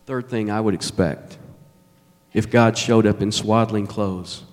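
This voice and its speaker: A man preaching a sermon as pastor, emphatic and measured, with dramatic pauses. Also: fairly low pitch, steady tone, a little mellow. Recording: long reverb of a large hall.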